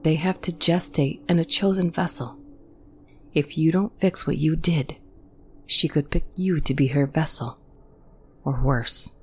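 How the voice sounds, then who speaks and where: A woman's voice: low-pitched, measured pace, long pauses, darkish tone, slightly rough, full character voice. A woman voicing a frightened, insistent young woman, who talks urgently and drops into whispers. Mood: ominous.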